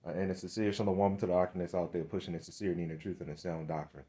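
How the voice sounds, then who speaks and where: A man's voice: little pitch movement, racing, dark tone. A man giving a preaching monologue, heated and emphatic, with many restarts. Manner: starts low and hesitant, grows heated and emphatic. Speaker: religious video speaker.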